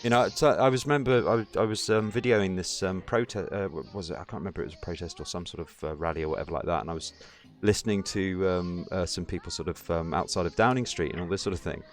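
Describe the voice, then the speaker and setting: A man's voice: low voice, fast talker, hardly any pauses. A man hosting a casual political chat, blunt and sweary, ranting with heat. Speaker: podcast host.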